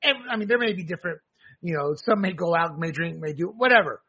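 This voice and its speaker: A man from the United States ranting through a combative political monologue. His voice sits high and bright with a husky grain. The recording sounds dull and lo-fi. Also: expressive, fast. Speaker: political commentary host.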